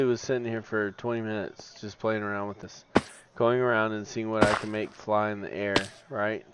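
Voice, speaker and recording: A tired man with a fairly low voice talks through his game stream, half-mumbling his moves to himself and then breaking into loud, laughing outbursts. He yawns now and then. The audio is dull and muffled, with a faint hiss underneath. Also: level tone, moderate pace, hardly any pauses. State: sleepy, yawning. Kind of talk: casual gameplay commentary.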